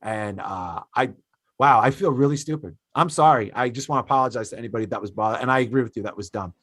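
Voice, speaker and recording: A man in his thirties hosting a podcast, telling a story in an animated, profane way, swinging between loud and quiet. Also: medium pitch, quick pace, no room sound. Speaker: podcast host. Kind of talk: casual podcast chat.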